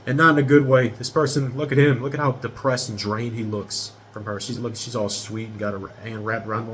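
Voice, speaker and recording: A man's voice: mid-range voice, fairly even intonation, brisk, hardly any pauses, a bit bright, a little hiss or hum. A man in his thirties giving a casual tarot reading straight to his viewers in a rambling, profane way. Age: 30s. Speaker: tarot reader.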